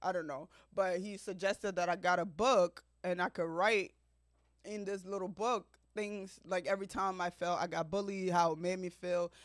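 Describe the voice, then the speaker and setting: A woman in her thirties from Africa, hosting a podcast and telling her life story to listeners in an expressive, chatty way, often laughing. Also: on the low side, normal speed, no room sound, studio quality. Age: 30s. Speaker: podcast host. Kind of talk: personal storytelling monologue.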